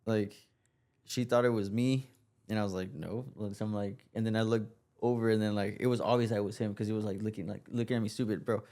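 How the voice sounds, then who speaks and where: A man's voice: on the low side, fairly even intonation, fast talker, warm tone. A man guesting on a podcast, talking in laid-back, slangy casual chat. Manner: laid-back, slangy, says bro a lot.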